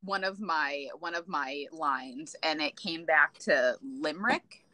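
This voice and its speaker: A woman with a Boston accent chats on a livestream in a blunt, profane, joking way. Her voice is bright and fairly low, and it sounds dry and close. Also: slow, dry recording, low-quality recording. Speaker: livestream host. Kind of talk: casual livestream chat.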